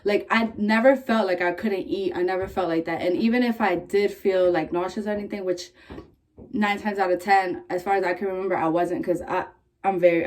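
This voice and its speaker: In her vlog, a lowish-voiced young woman recounts a story with candid, profane animation, leaning heavily on "like" as filler.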